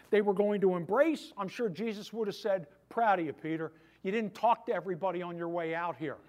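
A man pastor delivering a sermon in a conversational preaching style, with humorous asides to the congregation. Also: sits high.

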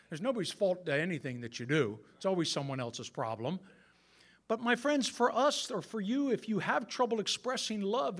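The speaker is a pastor in his sixties whose voice is high and a little bright. His sermon feels like a conversation aimed squarely at the men listening, with a touch of humor at his own expense.

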